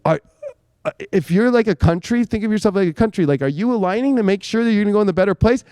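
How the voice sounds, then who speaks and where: Guy ranting live about astrology, cussing a lot, smooth clear voice. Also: sits high, fast talker, darkish tone, no echo. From United States. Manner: emphatic, profane, rambling. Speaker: astrologer host. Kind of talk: live casual astrology talk.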